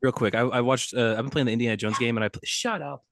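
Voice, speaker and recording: A man's voice: medium pitch, quick pace, a bit bright, slight background noise. A man co-hosting a comic book podcast, talking in a loose, rambling, jokey way and laughing often. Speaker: podcast co-host. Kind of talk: casual chat.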